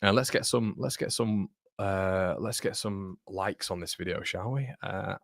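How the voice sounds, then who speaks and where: Lowish voiced bloke hosting a live watchalong, chatty, keeps saying mate, dry close sound. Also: male voice, a little slow, vocal fry, no echo. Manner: chatty, reads chat aloud, calls viewers mate. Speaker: livestream host. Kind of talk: casual live watchalong chat.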